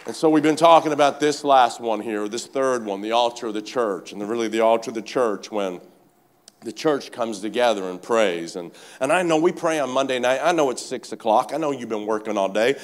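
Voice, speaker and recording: A male pastor preaching a sermon at a church service, fervent and urging, swinging between shouted exhortation and quiet speech. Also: medium pitch, fairly quick. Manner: fervent, repeatedly urges the congregation with "come on".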